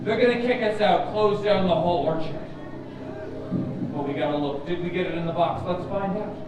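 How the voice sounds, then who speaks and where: A man's voice: sits high, moderate pace, noisy background. A man performing as a children's magician at a live orchard show, playful and chanting, with mock surprise. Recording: distant, echoey, with music and crowd.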